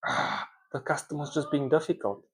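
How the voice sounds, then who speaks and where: A man's voice: fairly high pitch, wildly swooping pitch, normal speed, creaky, a bit bright, husky, pitched above the performer's own voice, exaggerated voice. A man mimicking a hot-tempered cartoon fire girl. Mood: exasperated. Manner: curt, exasperated.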